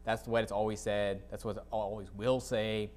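Blunt pastor with a dry throat. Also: male voice, fairly low pitch, flat delivery, normal speed, darkish tone. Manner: conversational, blunt and dismissive with asides. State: dry throat, clearing it often. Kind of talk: informal sermon with scripture reading. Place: church sanctuary, speaking to a congregation.

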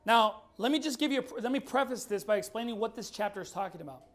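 A man preaching a sermon, firing rhetorical questions and reading scripture slowly and deliberately. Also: high voice, lively intonation, fairly bright tone. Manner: emphatic, fires rhetorical questions.

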